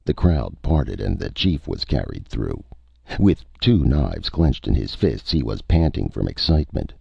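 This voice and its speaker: A man reads a science fiction story aloud with a very deep, dark, gravelly voice. His pitch moves in a lively way across each sentence. The recording is dry and slightly muffled. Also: unhurried, no echo. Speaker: narrator. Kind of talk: audiobook story reading.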